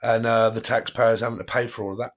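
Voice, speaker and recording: A man's voice: mid-range voice, level tone. A man who hosts a tarot livestream and chats casually with viewers, rambling and laughing often. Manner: rambling, chatty, quick to laugh. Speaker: tarot reader hosting a livestream.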